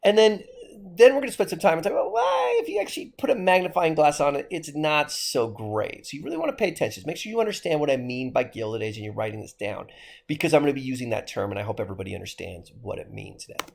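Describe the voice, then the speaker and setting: A man with a Midwestern accent teaches a history lesson with an animated voice. His pitch leaps high and drops low. A gravelly rasp runs through his tone as he asks questions and answers them himself. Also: fast. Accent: American Midwest. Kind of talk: recorded classroom lecture.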